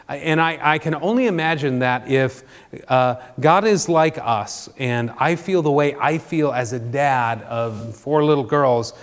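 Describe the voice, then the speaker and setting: A middle-aged man preaching a sermon as a pastor, conversational and joking, swinging between loud emphatic bursts and quiet low asides. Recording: long reverb of a large hall.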